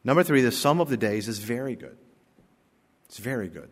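A man's voice: mid-range voice, animated, brisk. A man preaching a sermon as a pastor, reading a story aloud earnestly and rising to emphatic exclamations. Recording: long hall reverb.

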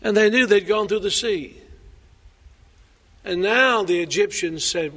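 High bright-voiced preacher in a hall. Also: male voice, measured pace. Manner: preaching with sweeping rises and drops in loudness. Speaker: pastor. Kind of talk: sermon. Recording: long reverb of a large hall.

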